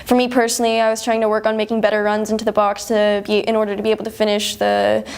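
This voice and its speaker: A woman's voice: medium pitch, monotone, quick pace, creaky, a little mellow. A young woman from Texas, a first-year college soccer player, answering interview questions in an earnest, modest way with long rambling sentences. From Houston, Texas, USA. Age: young adult. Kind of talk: post-game sports interview.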